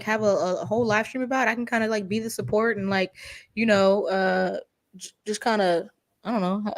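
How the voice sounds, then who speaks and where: A woman hosting a live stream, chatting casually in a joking, slangy way. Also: mid-range voice. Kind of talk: casual chat.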